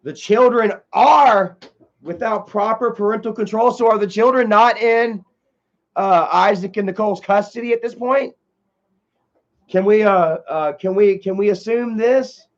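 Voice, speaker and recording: Rambling high-voiced male streamer. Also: measured pace, muffled recording. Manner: rambling, with many filler sounds and restarts. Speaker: livestream host. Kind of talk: casual chat reading live comments.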